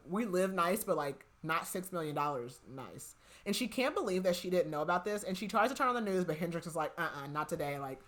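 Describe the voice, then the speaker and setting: Young woman, podcast host, low-pitched, chatty, casual book recap, lots of "like". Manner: chatty, heavy use of "like", retells scenes with quoted lines.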